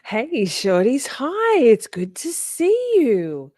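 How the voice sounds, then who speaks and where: A woman's voice: a little high, huge pitch swings, slow, darkish tone, dry recording, clean studio sound. A woman hosting a casual livestream from home, greeting viewers by name, chatty and a bit profane. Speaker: livestream host. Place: home, with dogs nearby.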